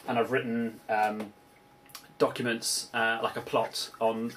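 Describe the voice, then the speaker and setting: A man's voice: mid-range voice, level tone, unhurried, fairly bright tone. A British man giving a casual video diary as a film producer, rambling with many ums and restarts. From United Kingdom. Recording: distant mic with faint background hiss.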